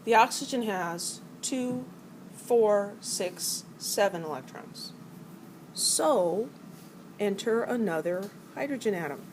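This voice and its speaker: Woman, middle-aged, chemistry lecture, playful, classroom, mid-pitched voice, faint background noise. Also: lively intonation, slow, poor audio. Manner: playful, acts out atoms as characters. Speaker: chemistry teacher. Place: college classroom.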